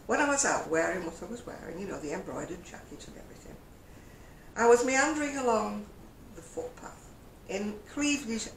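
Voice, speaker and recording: An older woman who vlogs about crochet chats casually, telling stories and chuckling often. Her voice is mid-range and creaky. The recording sounds echoey, with a faint hum in the room.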